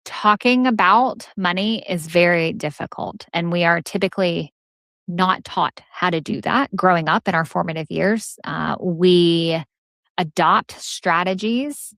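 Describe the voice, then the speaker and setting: A woman guest speaking in a calm, measured, reflective way about feelings around money. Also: lowish voice, creaky, no room sound.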